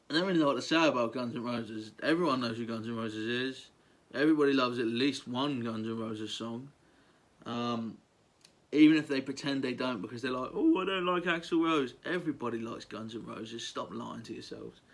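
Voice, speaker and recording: A young man vlogs casually and enthusiastically, gushing through a countdown with lots of ums and likes. His voice is mid-range with a fairly bright tone.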